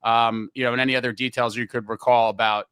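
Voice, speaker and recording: A man hosting an interview, asking long, rambling questions full of fillers and getting excited as he sets the scene. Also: mid-range voice, fast talker, smooth, dry recording. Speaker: podcast host and interviewer. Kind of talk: casual interview.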